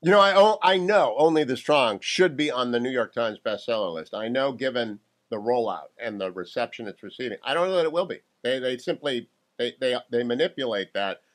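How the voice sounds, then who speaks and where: A man hosting a political talk radio show, interviewing a guest in an emphatic, animated way with quick asides. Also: mid-range voice.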